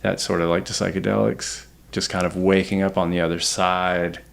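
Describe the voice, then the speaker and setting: Man, low pitch, gravelly fry, reflective casual chat, lots of restarts. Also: flat delivery, a bit bright. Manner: reflective, halting, with many restarts and affirmations. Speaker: podcast guest, host's partner. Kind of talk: casual conversation.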